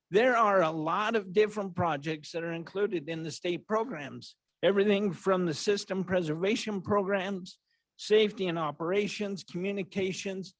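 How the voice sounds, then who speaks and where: A man's voice: sits high, dry recording. A man presenting transportation projects at a council meeting, reading steadily with a few self-corrections. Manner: steady, plain delivery with occasional self-corrections.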